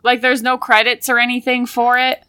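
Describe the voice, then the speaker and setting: A giggly woman co-host chatting on a podcast, her voice bright and a little higher than most. The sound is dry and close. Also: moderate pace, clear, resonant tone, no room sound. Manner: giggly, animated. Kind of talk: casual podcast chat.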